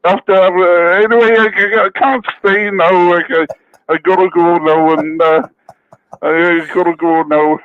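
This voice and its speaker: Man doing a stuttering, put-on Irish caller, higher voice, dull dry phone line. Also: fairly even intonation, moderate pace, no echo, natural voice. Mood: flustered. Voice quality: stammering, repeats his words. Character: comic Irishman caller, stammering and flustered.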